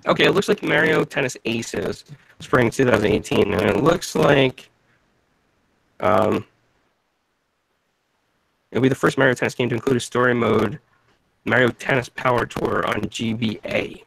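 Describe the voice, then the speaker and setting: Gravelly-voiced man hosting a casual podcast. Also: medium pitch, fairly bright tone, no room sound, rough recording. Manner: halting, many restarts and fillers. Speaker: podcast host. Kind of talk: casual chat.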